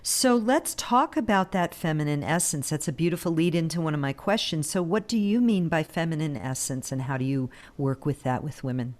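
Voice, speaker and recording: Host: woman with a low voice, warm listener who asks gentle questions. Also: a little fast, few pauses. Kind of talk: interview.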